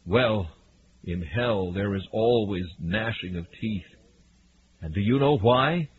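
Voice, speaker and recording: A man's voice: fairly low pitch, slow. Male preacher on tinny radio. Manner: impassioned, swings from hushed to loud cries. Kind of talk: fiery sermon. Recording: narrow lo-fi radio broadcast with faint hiss.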